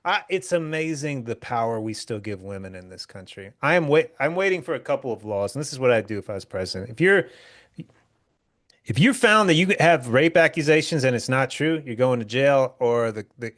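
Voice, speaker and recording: A young man on a remote podcast call, blunt and crude and given to boasting. His voice sits at a middle pitch and sounds dry and close, with no room around it. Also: animated, a little fast, no echo. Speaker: podcast co-host. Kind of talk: casual podcast chat.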